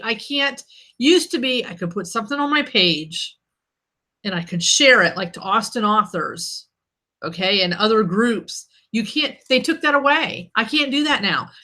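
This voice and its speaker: A woman's voice: medium pitch, pushed and bright. A woman author hosting her own live stream in casual chat, irritated and snarky but laughing it off.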